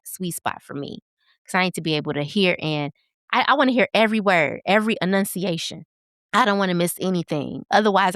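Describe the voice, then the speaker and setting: A chatty woman hosts a casual solo talk show, talking straight to her listeners. Her voice is smooth and clear, recorded close and dry with no room sound. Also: on the low side, no room sound. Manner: chatty, animated, addresses listeners directly. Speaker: podcast host.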